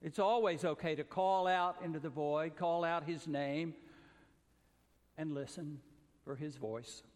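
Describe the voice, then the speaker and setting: An earnest male pastor from the American South delivers a sermon in a high-pitched voice, rising to emphatic calls and then sinking low and soft. His words ring out with the long reverb of a large church. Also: fairly even intonation, measured pace.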